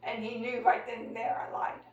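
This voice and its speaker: Older woman storyteller, rambling and hesitant, fairly high voice, recorded from away from the mic in an echoey room. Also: monotone, a little fast, distant mic, dull audio. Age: 60s. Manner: rambling, hesitant, with many fillers and restarts. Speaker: storyteller recounting family memory. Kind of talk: casual family conversation.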